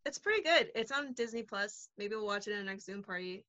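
A woman's voice: medium pitch, expressive, brisk, pushed and bright, no echo. A woman in her twenties co-hosting a podcast in casual chat, upbeat and enthusiastic, recorded at home. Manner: upbeat, enthusiastic, laughs often. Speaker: podcast co-host.

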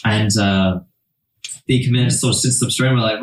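A man narrating as game master in a relaxed, hesitant way, with lots of fillers and restarts. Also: on the low side, fairly quick, pauses often. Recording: roomy, distant mic.

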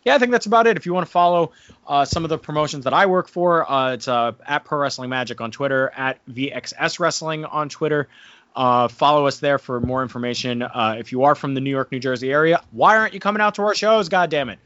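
A man co-hosts a casual podcast, his talk loose and rambling, studded with "I mean" and "like". His voice sits at an everyday middle pitch. The sound is dry and close, but dull and lo-fi. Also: fairly quick, fairly bright tone, no echo. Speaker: podcast co-host and wrestling promoter. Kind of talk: casual podcast review chat.

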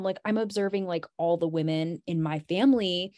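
A woman's voice: fairly low pitch, moderate pace, warm tone, no echo. A woman guest on a podcast, talking reflectively in a rambling, casual way with lots of fillers. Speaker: podcast guest, graphic designer.

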